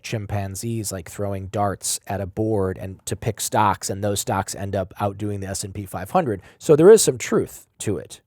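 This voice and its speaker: Male podcast guest, lowish voice, profane and animated storyteller, dry sound. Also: no echo. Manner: animated, swings between loud and quiet. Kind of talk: emotional personal storytelling.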